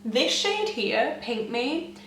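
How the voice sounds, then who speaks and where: A young woman gushing excitedly to camera as a beauty vlogger, chatty and often laughing. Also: high voice, takes it slowly, slight background noise. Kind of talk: casual chat to camera. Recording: echoey room, mic at a distance.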